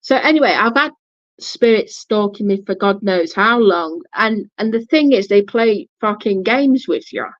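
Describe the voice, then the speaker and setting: A woman speaks slowly and bluntly in a casual storytelling vlog, swearing and restarting her sentences. The recording is dry and dull, with a muffled lo-fi tone. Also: mid-range voice, lively intonation, dry recording. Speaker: vlogger.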